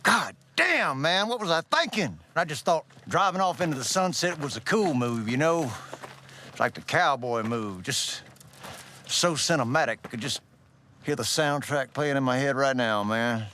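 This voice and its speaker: An actor playing a laid-back, folksy washed-up cowboy pitchman who drawls and keeps saying "man.". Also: lively intonation, normal speed, bright, forceful tone. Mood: rueful. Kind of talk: comedic ad acting.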